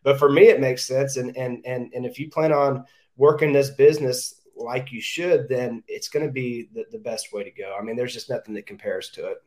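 A man's voice: medium pitch, fairly even intonation, moderate pace, darkish tone. Plain-spoken male real estate agent. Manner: direct, repeats words when thinking aloud. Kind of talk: casual interview talk.

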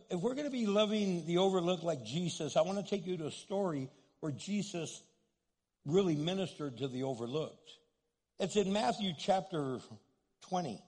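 A man's voice: fairly high pitch, a little mellow. A man preaching a sermon as pastor, telling stories with humor and building to a repeated, urgent appeal. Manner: storytelling, acts out quoted voices, joking then pleading. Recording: long hall reverb.

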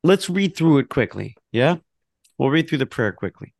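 A man's voice: mid-range voice, big pitch swings, moderate pace, creaky, no room sound, studio quality. A man teaching a casual lesson on a prayer book, reading passages aloud and explaining them with laughs and asides.

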